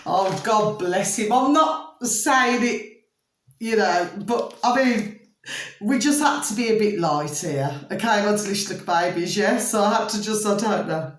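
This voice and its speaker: A woman's voice: mid-range voice, lively intonation, unhurried. Chatty woman in an echoey room. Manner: chatty, emphatic, repeats pet phrases, breaks into giggles. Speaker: vlogger. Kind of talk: rambling casual monologue to camera.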